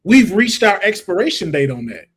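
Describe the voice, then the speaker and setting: A man co-hosting a casual wrestling watch-along, animated and joking as he riffs with friends. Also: high-pitched, background noise. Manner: animated, joking, quick to riff. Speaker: wrestling show co-host.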